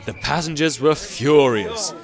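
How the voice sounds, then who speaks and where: A man reads a storybook tale in scripted narration, his pitch moving lively through each line. Clear background music plays beneath his voice. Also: measured pace. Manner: expressive, animated telling.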